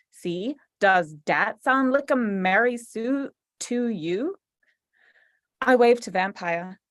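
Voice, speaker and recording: In a dry, close recording with no echo, a woman with a medium-pitched voice reads a story aloud to friends. Her comic dramatic reading is playful and mock-serious.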